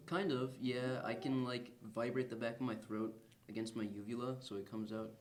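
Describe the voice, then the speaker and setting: A man's voice: medium pitch, fairly even intonation, normal speed, a little mellow. A man appearing as a podcast guest, dropping dry, understated quips. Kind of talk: casual podcast chat. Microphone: podcast microphone.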